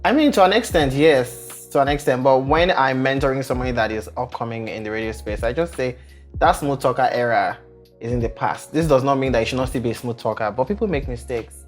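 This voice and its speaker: Young Nigerian man, radio presenter, animated and playful, faint music behind, mid pitch. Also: a little fast. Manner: animated, laughs often, playful. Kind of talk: casual interview chat.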